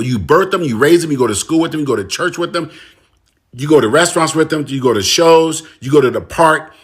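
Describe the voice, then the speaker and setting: A man's voice: mid-range voice, fairly bright tone, slightly rough. Emphatic man ranting to camera. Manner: direct, emphatic, repeats phrases for emphasis. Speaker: commentator. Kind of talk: impassioned political monologue.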